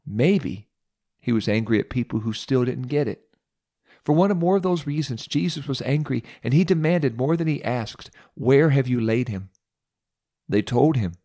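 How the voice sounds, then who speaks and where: Brief: man, mid-pitched preacher, dramatic expressive storytelling sermon. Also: moderate pace.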